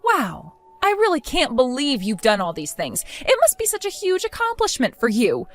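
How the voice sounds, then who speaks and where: A sarcastic, fed-up young wife, voiced by a woman, brushing off her mother-in-law with mockery. Her voice is fairly high and moves around a lot in pitch. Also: huge pitch swings, moderate pace, soft background music. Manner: sarcastic, mocking, dismissive.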